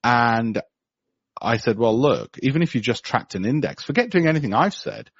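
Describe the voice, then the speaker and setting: A man's voice: medium pitch, lively intonation, moderate pace, vocal fry, husky, dry recording, dull audio. A middle-aged man, giving blunt, sarcastic market commentary on a podcast and mocking others in put-on voices.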